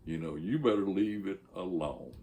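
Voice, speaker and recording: A man playing a low, menacing tough biker. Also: expressive, moderate pace, warm tone, slight background noise.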